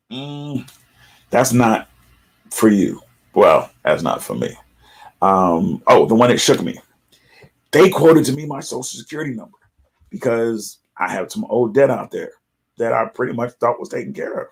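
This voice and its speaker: A middle-aged man talks casually to his viewers as host, with a gravelly, fry-tinged voice at a middle pitch. He is chatty and animated, and he jumps his voice up to mimic pushy callers. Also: measured pace, long pauses. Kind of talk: casual live-stream talk.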